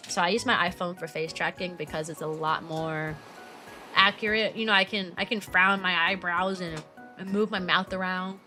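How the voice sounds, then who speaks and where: A woman's voice: fairly low pitch, fairly even intonation, moderate pace, sharp tone, soft background music. A young adult woman streaming as a VTuber, chatting casually with viewers, filling her talk with "like" and laughing often.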